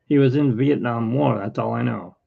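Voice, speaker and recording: A man's voice: mid-range voice, fairly quick, creaky, narrow, tinny audio. A man who hosts an art livestream, chatting in a rambling, opinionated way. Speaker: artist, livestream host. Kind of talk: casual livestream chat.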